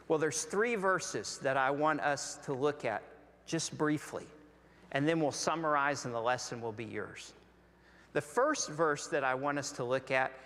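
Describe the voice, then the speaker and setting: Slow-preaching Southern pastor in a church. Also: male voice, medium pitch, fairly bright tone. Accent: Southern American. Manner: slow, deliberate preaching with long pauses. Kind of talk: sermon. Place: large church sanctuary. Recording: long hall reverb.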